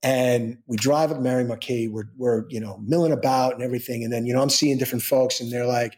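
A middle-aged man, a guest actor in a podcast interview, telling a story with animated energy, acting out the people he quotes, with many fillers and restarts. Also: medium pitch, fast. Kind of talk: casual anecdote in a podcast interview.

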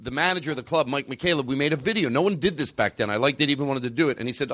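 A man from the Philadelphia area hosting a podcast, telling animated comic stories in casual chat and swearing freely. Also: medium pitch, very fast, hardly any pauses, dry recording. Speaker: podcast host.

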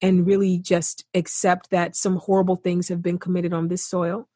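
A passionate woman speaking earnestly in a podcast chat. Her voice sits low and husky, and she presses her points by repeating them. The sound is dry and close. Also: little pitch movement, moderate pace, warm tone, dry recording. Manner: passionate, emphatic, repeats for stress. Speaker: podcast guest. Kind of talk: earnest conversation.

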